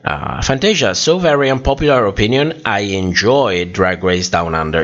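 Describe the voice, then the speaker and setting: A man's voice: lowish voice, expressive, normal speed, few pauses, a bit bright. A man hosting a casual livestream and reading comments, his voice worn out and tired, rambling with many fillers and restarts. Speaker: livestream host. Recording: dull lo-fi stream audio.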